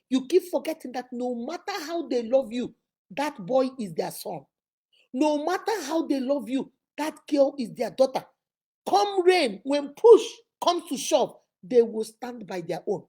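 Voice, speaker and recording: A woman's voice: high voice, animated, moderate pace, mellow, breathy edge. A woman with a Nigerian accent giving emphatic relationship advice to camera, acting out quoted people as she goes. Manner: emphatic, preachy, mimics people with voices.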